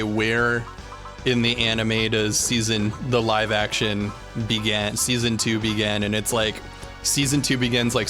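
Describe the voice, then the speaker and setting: A man chatting casually during a live game stream, rambling and loose with lots of "like" and "uh" between thoughts. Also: mid-range voice. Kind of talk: casual live-stream chat while gaming.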